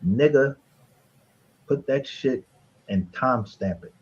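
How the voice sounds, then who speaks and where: Livestream host, husky man, profane and mocking, dull lo-fi sound. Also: mid-range voice, takes it slowly. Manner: profane, mocking, shouting with bursts of laughter. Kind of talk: heated livestream argument.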